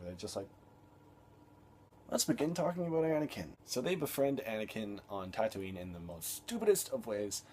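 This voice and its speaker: Man, young adult, low-pitched voice, sarcastic film rant, swears, faint background hiss. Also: darkish tone. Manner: sarcastic, exasperated, swears freely. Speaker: film reviewer. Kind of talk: ranting film review.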